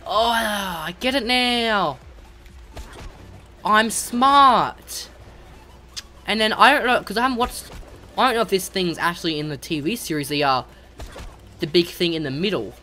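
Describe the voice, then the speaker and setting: A woman gamer giving casual let's-play commentary, chattering to game characters and breaking into excited shouts. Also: mid-range voice, measured pace, pauses often, a little hiss or hum.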